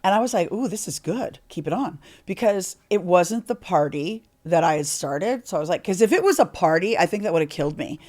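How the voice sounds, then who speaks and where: A woman's voice: fairly low pitch, expressive, a little fast, few pauses, a little mellow. A middle-aged woman from Canada, a podcast guest telling candid stories in a chatty way and swearing freely. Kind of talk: candid interview storytelling.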